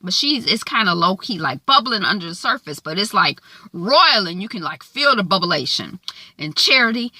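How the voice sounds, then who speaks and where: A woman giving a casual, animated recap of a TV episode, acting out the characters' lines with big jumps in pitch. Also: moderate pace, dry recording. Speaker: TV recap host.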